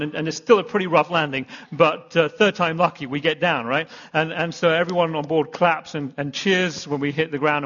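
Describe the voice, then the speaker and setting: A man's voice: a little high, a bit bright. A man giving a sermon as a pastor, telling a rambling, self-deprecating story full of restarts. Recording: long reverb, muffled hall sound.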